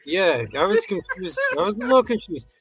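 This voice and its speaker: A man's voice: high voice, wildly swooping pitch, fairly quick, a crowd in the background. A man co-hosting a podcast, chatting loosely and swearing casually as he reacts to the episode. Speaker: podcast co-host. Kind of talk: casual recap chat.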